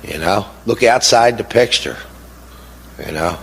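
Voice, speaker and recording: A middle-aged man gives an emotional personal account as a bereaved father, indignant and impassioned, repeating himself for emphasis. He fires off rhetorical questions and says "you know" often. His voice is fairly low and slightly rough at a measured pace, with long hall reverb on the recording.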